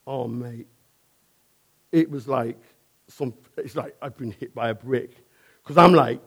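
A man's voice: mid-range voice, takes it slowly, creaky, long pauses, fairly bright tone, breathy edge. A man, a painter and decorator, earnestly telling a personal testimony in a conversational way and often checking in with his listener.

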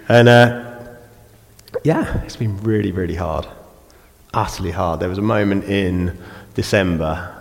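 A man with an English accent preaching a sermon in a church, animated, acting out the voices of people praying and grumbling. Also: low voice, measured pace, creaky, pauses often. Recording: long reverb of a church hall.

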